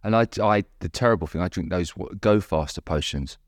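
Low-voiced man rambling with jokes. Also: brisk, dry recording, studio quality. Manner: rambling, jokey, self-deprecating. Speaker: guest, fighter. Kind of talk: casual chat.

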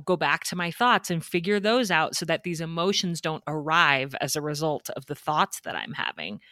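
Low-voiced woman podcast host, dry sound. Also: expressive, moderate pace, pushed and bright, no echo. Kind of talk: casual podcast conversation.

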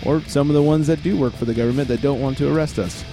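A man hosting a casual beer podcast, relaxed and chatty, laughing often. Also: mid-range voice, fast talker, soft background music. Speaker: podcast host. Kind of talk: casual chat.

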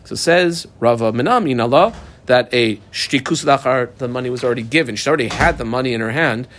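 A man with a mid-range voice leads a daf yomi Gemara class at a fairly quick pace, reading the Aramaic text and translating it line by line. He's animated, marking up the page aloud as he goes, with slight background noise.

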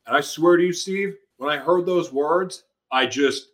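A man's voice: medium pitch, moderate pace, hardly any pauses, fairly bright tone. A middle-aged man, an author and interview guest, telling his personal story with feeling and acting out his own past outbursts.

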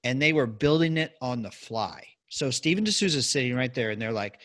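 A man co-hosting a casual talk show, telling behind-the-scenes stories with animated energy. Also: mid-range voice, fairly quick, hardly any pauses. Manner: animated storyteller with lively swings. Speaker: podcast co-host. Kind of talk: casual chat about movie history.

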